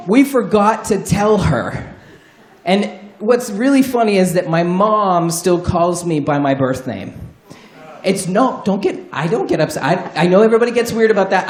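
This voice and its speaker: A man telling a wry, candid, profanity-laced comedic story live on stage at a storytelling show. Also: high voice. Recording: roomy live venue sound.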